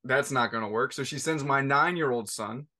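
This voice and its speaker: A man's voice: mid-range voice, normal speed, pushed and bright. A podcast host in his thirties, a father, telling a long family story in a casual interview, full of restarts and fillers. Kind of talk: conversational interview.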